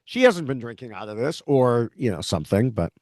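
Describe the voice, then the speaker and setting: A man's voice: mid-range voice, sing-song, a little fast, a little mellow, no room sound, clean studio sound. A man co-hosting a podcast in casual conversation, often chiming in with short agreements. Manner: conversational, frequent brief agreement. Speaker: guest co-host.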